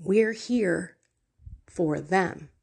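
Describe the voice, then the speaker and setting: A woman speaks in a slow, unhurried way with a soft, breathy edge to her voice. She gives a fervent Christian talk and prayer and addresses the listener directly and earnestly. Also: on the low side. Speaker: Christian faith coach. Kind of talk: impassioned faith talk and prayer.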